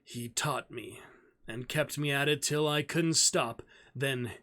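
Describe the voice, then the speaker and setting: A man voicing a dying, feverish male doctor who speaks haltingly, breaking off mid-phrase. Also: medium pitch, steady tone, pushed and bright. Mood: broken.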